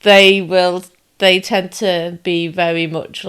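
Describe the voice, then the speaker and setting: A young woman co-hosting a casual chat, explaining points in a measured way and rattling off lists. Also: lowish voice, little pitch movement, a bit bright, smooth. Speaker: co-host.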